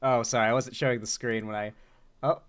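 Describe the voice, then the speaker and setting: A man's voice: mid-range voice, little pitch movement, a little fast, clear, resonant tone. A man hosting a casual live-stream commentary, loose and chatty, laughing often as he reads out viewer donations.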